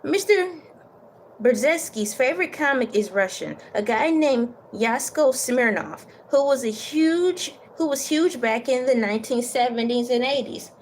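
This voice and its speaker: A woman reads a children's novel aloud, pausing for casual asides, stumbling over a few words, and laughing at her own slips. Her voice is a little high, at a moderate pace with few pauses, over a slight hiss or hum.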